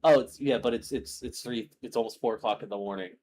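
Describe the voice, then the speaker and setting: A man's voice: medium pitch, fast, darkish tone. A young man hosting a gaming stream, chatting casually and greeting viewers as he plays. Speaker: streamer host.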